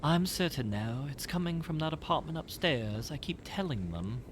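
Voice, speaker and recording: A man's voice: fairly high pitch, expressive, moderate pace, noisy background, voice pushed up, lightly acted. A man putting on a tormented paranoid tenant. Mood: anguished.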